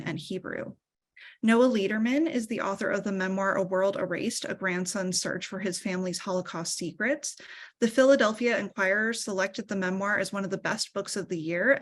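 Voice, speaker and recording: Woman event host; reads introductions, steady scripted delivery, mid pitch. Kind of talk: reading speaker introductions.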